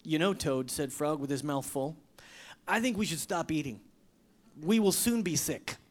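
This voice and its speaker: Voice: mid-range voice, lively intonation, normal speed, pitched below the performer's own voice, close to an everyday voice. A preacher reading a storybook aloud, voicing a sensible, patient male frog who talks in an earnest, reasoning way.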